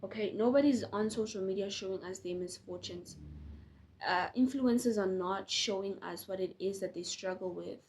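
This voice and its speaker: A woman's voice: medium pitch, normal speed, darkish tone, a little hiss or hum. A tired young woman talking casually to camera as a faith vlogger, earnest and encouraging, with frequent restarts. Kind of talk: casual direct-to-camera talk.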